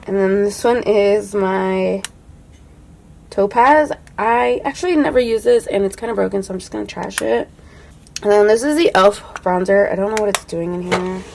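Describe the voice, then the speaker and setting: A young adult woman chatting casually through a makeup declutter, full of "like" and dropping to a soft hush when admiring products. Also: mid-range voice, slight background noise. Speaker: beauty vlogger.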